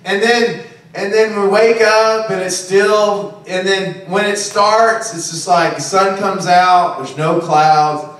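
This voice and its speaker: Brief: male pastor, high voice, preaching loosely and conversationally, miked from afar in a very echoey room. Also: fairly even intonation, slow pace, a bit bright. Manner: conversational preaching with frequent "okay?" and "right?". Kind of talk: sermon. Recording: very echoey, distant room recording.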